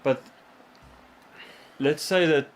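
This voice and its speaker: Animated man chatting on a stream. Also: on the high side, very slow, slight background noise. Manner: animated, searching for words. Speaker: co-host of a gaming stream. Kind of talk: casual chat.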